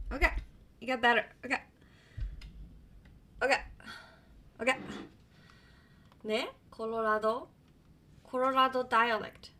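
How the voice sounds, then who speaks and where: A chatty woman streaming live with a Japanese accent, her voice sitting a little high and sounding crisp and bright. She hops back and forth between Japanese and English in a loose, casual way. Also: steady tone, takes it slowly, pauses often, slight background noise.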